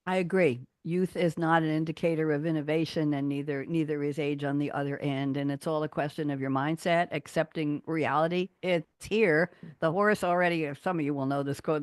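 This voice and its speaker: A woman hosting a radio talk show, chatty and animated, jumping between asides. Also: deep voice, moderate pace, hardly any pauses, clear, resonant tone, no room sound, clean studio sound. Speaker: host.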